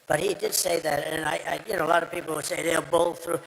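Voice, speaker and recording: A man with a raspy, gravelly voice and a bright, forceful edge delivers a rambling, boastful rally speech. His voice sounds strained and worn from repeated speaking. Long reverb from the large venue trails each phrase. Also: fairly high pitch, fairly even intonation, fast talker. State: strained, tiring voice. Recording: reverberant venue with crowd noise.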